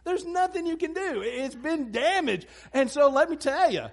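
A middle-aged man preaches with a high, bright voice that leaps up and down freely. He tells stories and talks to his listeners directly, slipping into quick asides and acted-out quotes. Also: lively intonation. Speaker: pastor. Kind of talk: sermon.

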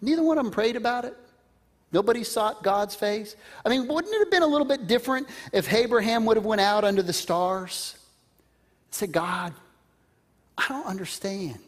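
A man's voice: very high voice, expressive, fairly quick. A man preaching a sermon in a conversational way, putting questions to the listeners. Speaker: pastor.

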